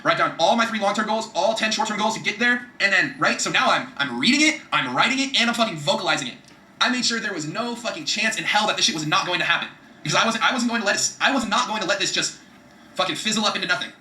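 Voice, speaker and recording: Fast, bright, pushy motivational guy. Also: sits high, animated, roomy sound. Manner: fast, profane, emphatic, repeats himself. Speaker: vlogger giving trading and goal-setting advice. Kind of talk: motivational vlog talk.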